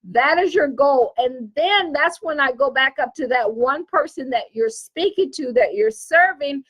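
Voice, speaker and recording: A woman's voice: high-pitched, a little slow, low-quality recording. A woman with a Southern American accent giving a casual, emphatic teaching talk as an online business coach, often repeating and correcting herself. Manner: lively, repetitive, emphatic, self-correcting.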